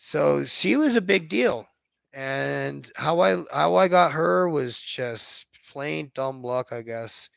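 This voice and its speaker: This vlogger speaks slowly, his gravelly voice a little high yet lively in intonation, with no room sound. In a casual monologue he shares personal stories bluntly and profanely, in a style he labels robotic.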